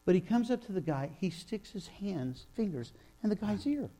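A man preaching a sermon, retelling scripture in a storytelling way, acting out sighs and quotes and slowing down for emphasis. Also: high voice, big pitch swings, dark tone. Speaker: pastor.

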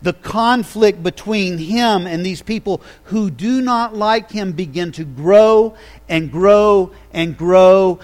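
A male pastor with a high-pitched voice preaches a sermon, telling the story with animated energy. He keeps tossing rhetorical questions out to the congregation.

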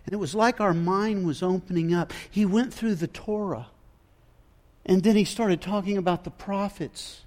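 A man voicing a breathless male traveler, rushing to tell his news loudly. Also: high-pitched. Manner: loud, rushed storytelling.

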